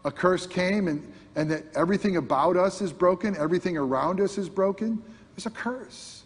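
Preacher, husky, echoing hall. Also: male voice, high voice, moderate pace. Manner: preaching with rising and falling intensity, rhetorical questions. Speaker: pastor. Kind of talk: sermon. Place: church sanctuary. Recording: long hall reverb.

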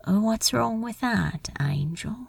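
Crowley is a low, gravelly man who teases dryly but turns gentle underneath, voiced by a woman in a podfic. He speaks slowly and with a lot of movement in the voice. The sound is close and dry. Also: big pitch swings, no echo, exaggerated voice. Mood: tender teasing. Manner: dry teasing, tender underneath. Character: gruff teasing male friend, young adult. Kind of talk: podfic character voice.

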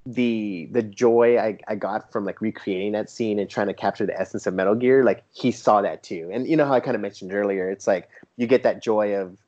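A man chatting casually as a guest, an enthusiastic storyteller who acts out what others said in a lively, raised voice. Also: fairly low pitch, brisk, few pauses. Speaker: toy photographer guest. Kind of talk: casual chat. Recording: dull lo-fi sound.

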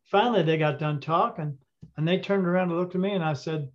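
A man telling a story as an interview guest, animated and acting out the dialogue, with frequent fillers. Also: a little high, fairly quick. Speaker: interview guest, intuitive reader. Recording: dull lo-fi audio.

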